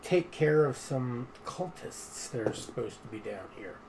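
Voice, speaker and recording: A man voicing a smooth, secretive male adventurer on a mission in a tabletop game. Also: lively intonation, measured pace, noisy background. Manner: smooth, low-key and secretive.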